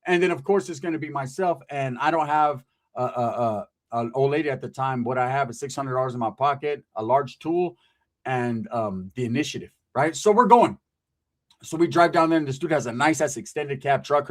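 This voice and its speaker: A man tells a profane stand-up story at a rapid clip. His voice sits fairly high, and he jumps into animated voices for the people in it. The delivery is streetwise and loose. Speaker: comedian.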